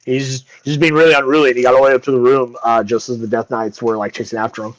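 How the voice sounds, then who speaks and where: A man's voice: mid-range voice, fast talker, poor audio. Game master man narrating with energy. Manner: animated, full of fillers.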